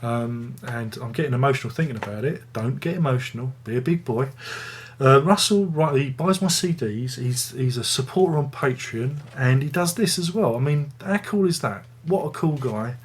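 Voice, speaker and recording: A man's voice: mid-range voice, expressive, moderate pace, few pauses, husky. A man hosting a casual music review video, rambling and joking at his own expense. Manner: rambling, jokey, self-mocking.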